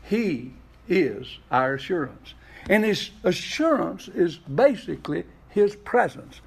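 Animated gravelly-voiced male preacher. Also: high-pitched, takes it slowly. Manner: expressive preaching with rhetorical questions and acted scripture quotes. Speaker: pastor. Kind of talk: sermon.

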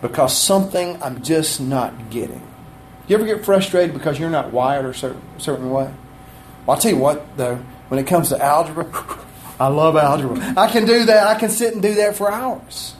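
A man's voice: fairly high pitch, moderate pace, a little hiss or hum. A middle-aged man preaching a sermon in a chatty, self-deprecating way, asking the congregation questions as he goes. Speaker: pastor. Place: church sanctuary.

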